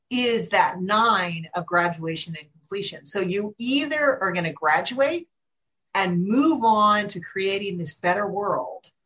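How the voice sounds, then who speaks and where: A woman hosting a spiritual conversation, stretching out her words in slow, emphatic phrases. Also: medium pitch, fairly bright tone, low-quality recording. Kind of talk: spiritual talk.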